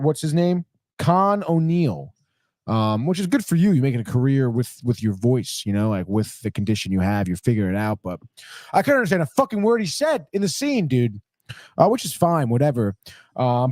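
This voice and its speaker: A man hosting a podcast, giving a rambling, profane, animated recap of a TV episode and dropping into quick impressions. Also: medium pitch, no echo, clean studio sound. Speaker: podcast host. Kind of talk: casual recap chat.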